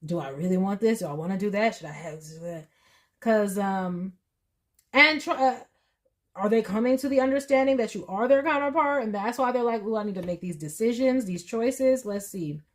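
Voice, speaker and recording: A woman giving a casual tarot reading, musing aloud with sudden excited bursts. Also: mid-range voice, moderate pace. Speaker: tarot reader.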